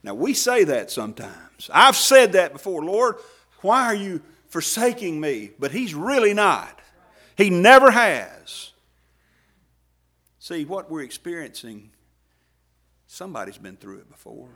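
A man preaching a sermon in a folksy manner, acting out quoted voices and swinging from loud emphasis to near whisper. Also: high-pitched, huge pitch swings, measured pace, long pauses.

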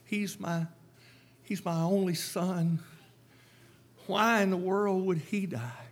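A man's voice: sits high, steady tone, takes it slowly. A man voicing a desperate poor widow who pleads in anguished questions during a sermon. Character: desperate poor widow woman, grieving mother.

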